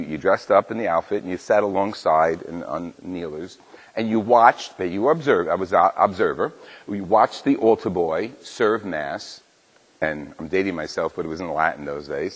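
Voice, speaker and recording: A man's voice: fairly low pitch, husky. An older man, a Catholic priest, preaching a Sunday homily in a church and telling a story with acted-out dialogue. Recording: long church reverb.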